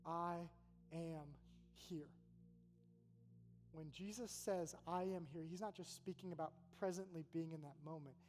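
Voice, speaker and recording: A man's voice: fairly high pitch, steady tone, a little fast, hardly any pauses, dark tone. A man, a college pastor, preaching a sermon in a large hall with an earnest, conversational manner and repeated phrases. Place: large hall with an audience in Oxford. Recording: echoey hall with faint hum.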